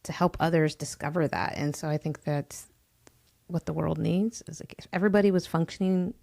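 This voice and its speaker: A woman hosting a business podcast, speaking in a fairly low voice. She backs up her guest with steady "yeah"s and thoughtful reflections on purpose. She closes the episode with thanks and a call to subscribe. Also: brisk, gravelly. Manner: affirming, supportive, frequent "yeah" and "mm". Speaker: podcast host.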